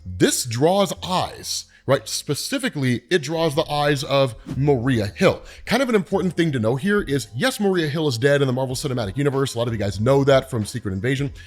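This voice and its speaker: A man's voice: mid-range voice, expressive, brisk, faint music behind. A man hosting a comic explainer channel, recapping the story in a casual, chatty way, often adding "right?" and "like" as he acts out the characters' lines in passing.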